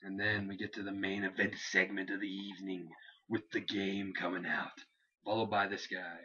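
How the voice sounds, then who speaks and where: A man's voice: low-pitched, flat delivery, normal speed, pushed and bright, slightly rough. A young man co-hosting a wrestling review show, casually rambling through recaps and acting out lines. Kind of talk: casual chat. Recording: dull lo-fi home recording.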